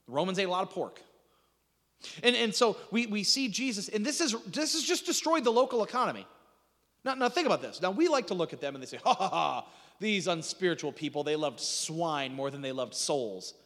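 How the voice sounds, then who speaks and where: Male pastor, high-pitched and animated, preaching in a reverberant church hall. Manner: conversational preaching with frequent restarts and rhetorical questions. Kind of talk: sermon.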